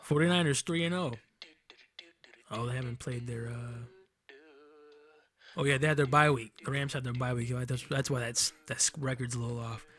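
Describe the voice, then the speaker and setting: A man's voice: medium pitch, steady tone, normal speed, pauses often, a bit bright. A young man hosting a casual sports podcast, rambling through standings in a loose, profane way and correcting himself as he goes. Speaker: podcast host. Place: Enumclaw, Washington.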